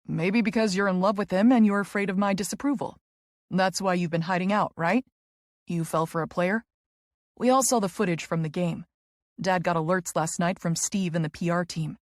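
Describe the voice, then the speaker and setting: A woman's voice: lowish voice, moderate pace, dry recording, clean studio sound, lightly acted. A woman narrator voicing a teasing, protective young adult man who is the heroine's twin brother, in an audiobook.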